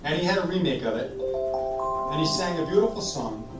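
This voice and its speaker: A man entertaining seniors at a live sing-along, chatting warmly between songs and coaxing the crowd to sing with him. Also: a little high, animated, moderate pace. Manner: chatty, encouraging, leads audience singing. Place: senior living community hall. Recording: roomy hall, heard from a distance. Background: instrumental backing music.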